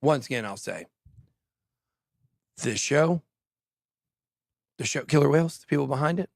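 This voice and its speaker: A man hosting a casual crypto livestream, talking quickly and jokily, often trailing off mid-thought. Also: on the high side, animated, creaky, no echo, clean studio sound. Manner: rambling, quick, jokey, trails off. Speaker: crypto show host.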